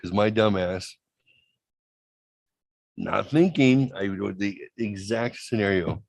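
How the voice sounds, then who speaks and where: A lower-voiced middle-aged man spins a casual anecdote, jumping into the voices of each person in the story and swearing freely. The sound is dry and close, with no room around it. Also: takes it slowly, gravelly, dry recording. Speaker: podcast host.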